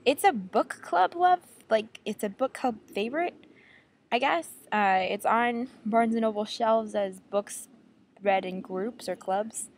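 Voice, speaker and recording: A woman's voice: medium pitch, a little slow, slight background noise. A woman in her twenties talking casually to camera in a vlog, chatty and enthusiastic, often laughing. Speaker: book vlogger.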